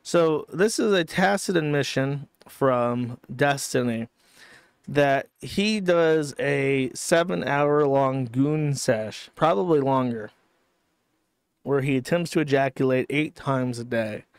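A man's voice: mid-range voice, slow, clear, resonant tone, dry recording, clean studio sound. A man hosting a commentary stream, talking in a casual, profane and sardonic way. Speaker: streamer host.

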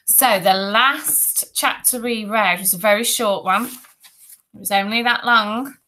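A woman primary school teacher reading a children's book aloud to her class with slow, clear expression. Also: medium pitch, bright, forceful tone, slight background noise.

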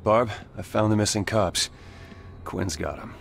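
A low, steady young hero. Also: male voice, measured pace, vocal fry. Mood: determined. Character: young male hero, calm and determined. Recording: game audio under music.

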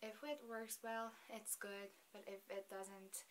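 A young Korean-accented woman talks slowly and gently through a casual product review, pausing to search for words. Her pitch sits in an ordinary middle range. The sound comes from a built-in camera mic, with a faint hiss behind her. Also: flat delivery. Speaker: vlogger.

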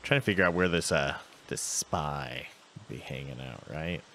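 A man's voice: very deep voice, moderate pace, fairly bright tone, a little hiss or hum. A man giving casual gameplay commentary, chatting to himself and reading game text aloud. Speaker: let's play host.

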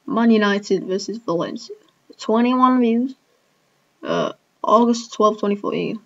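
A woman's voice: medium pitch, expressive, unhurried, darkish tone, dull audio. A woman giving casual reaction commentary as a gaming YouTuber, who keeps exclaiming, cringing and laughing at herself.

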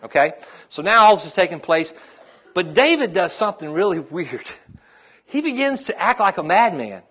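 A male pastor preaching a sermon in a conversational way, repeating phrases and often asking the congregation "amen?", rising in pitch and volume as he stirs them up. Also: sing-song, moderate pace, a bit bright. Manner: rises in pitch and volume when stirring the congregation.

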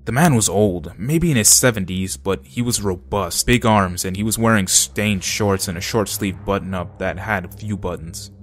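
A man narrating scary true stories in a steady, low-key way. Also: normal speed, hardly any pauses, a little hiss or hum.

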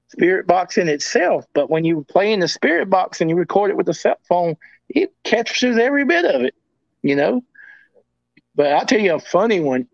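Rambling higher-voiced man telling stories. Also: creaky, no echo. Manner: rambling, repeats himself. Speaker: guest. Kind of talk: casual storytelling. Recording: dull lo-fi audio.

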